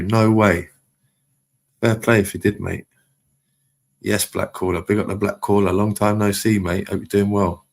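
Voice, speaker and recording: A man hosting a live stream, his voice sitting low with a gravelly, creaky edge. He chats loosely, reads out comments from viewers and tosses off easygoing shout-outs. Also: normal speed, long pauses. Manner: relaxed, chatty shout-outs to viewers with chuckles. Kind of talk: casual live-stream chat, reading out comments.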